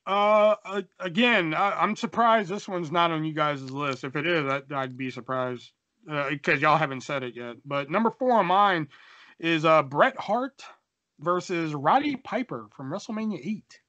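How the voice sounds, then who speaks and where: A young man co-hosting a podcast, telling a story in a casual, animated way, swearing and acting out the dialogue. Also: a little high, normal speed, no echo, muffled recording. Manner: animated, profane, acts out dialogue. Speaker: podcast co-host.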